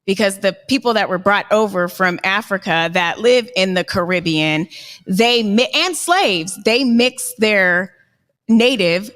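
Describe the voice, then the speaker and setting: A woman co-hosting a podcast in casual discussion, unhurried, often trailing off and searching for words. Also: medium pitch, lively intonation, a bit bright, long reverb tail. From US Northwest. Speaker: podcast co-host.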